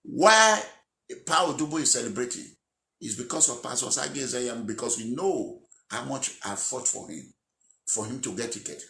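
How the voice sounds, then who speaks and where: A man's voice: medium pitch, fairly quick, a bit bright, reverberant. A man, an aggrieved politician giving an emphatic speech. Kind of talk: recorded speech.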